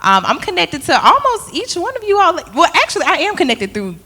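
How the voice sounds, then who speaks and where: A woman from Selma, Alabama, with a Southern accent, introducing herself in a playful, drawn-out storytelling way as a new co-host on a talk show. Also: very high-pitched, wildly swooping pitch, sharp tone. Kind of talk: casual chat.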